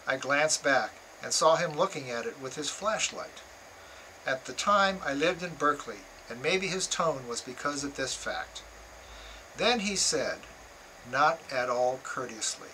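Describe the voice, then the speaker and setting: An older man reading aloud from his own memoir in a measured, earnest way. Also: mid-range voice, lively intonation, pushed and bright, slight background noise, poor audio.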